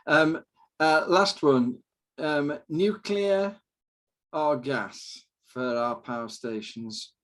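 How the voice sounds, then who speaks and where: A man's voice: fairly high pitch, lively intonation, extremely slow, fairly bright tone. A man hosting a political panel, informal and joking, sometimes stumbling over his words. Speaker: host.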